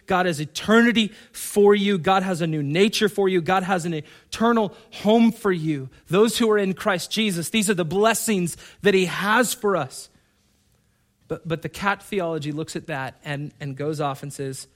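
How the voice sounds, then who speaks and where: A man's voice: high voice, moderate pace. A male pastor preaching a sermon to his church, emphatic and repetitive, addressing the congregation directly.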